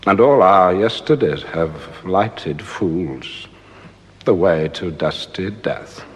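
Worn-out doomed king, deep voice, dragging every word out, big echoey reverb. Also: animated. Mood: despairing. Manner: slow, grave theatrical recitation. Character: weary despairing Scottish king, middle-aged man.

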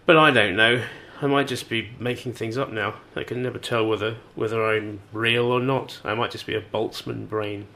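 A man's voice: lowish voice, steady tone, normal speed, vocal fry, hardly any pauses, pushed and bright. A man co-hosting a radio show, chatting playfully in a rambling way full of fillers and hesitations. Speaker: radio co-host. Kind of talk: casual on-air chat.

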